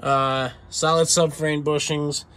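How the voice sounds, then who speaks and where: A man's voice: fairly high pitch, level tone, slow pace, a bit bright. Casual swearing man in a noisy garage. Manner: casual, swears, rambling with fillers. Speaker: garage vlogger. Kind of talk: casual walkaround chat. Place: small home garage.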